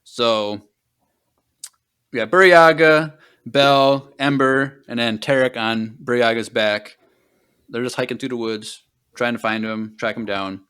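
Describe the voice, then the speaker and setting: A man's voice: medium pitch, steady tone, unhurried, fairly bright tone, clear, resonant tone. A man hosting a podcast, retelling a book in casual, rambling chat full of fillers and trailing off at the ends of thoughts. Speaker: podcast host.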